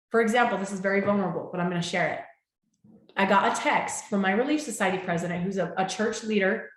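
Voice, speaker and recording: A woman hosting a motivational talk, speaking heartfelt and warm and checking in with her listeners often. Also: medium pitch. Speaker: host. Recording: echoey room.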